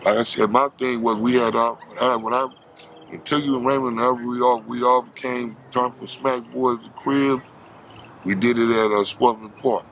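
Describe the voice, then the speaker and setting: A man's voice: medium pitch, fairly even intonation, moderate pace, a bit bright, a little hiss or hum. A man from Los Angeles telling stories in an interview, heavy with street slang. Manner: street slang, acts out quoted voices. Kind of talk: storytelling interview.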